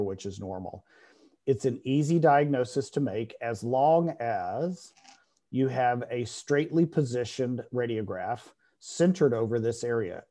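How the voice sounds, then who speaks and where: A man's voice: mid-range voice, warm tone. Man lecturing in a classroom. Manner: explanatory, checks in with "okay?", frequent restarts. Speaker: veterinary radiology lecturer.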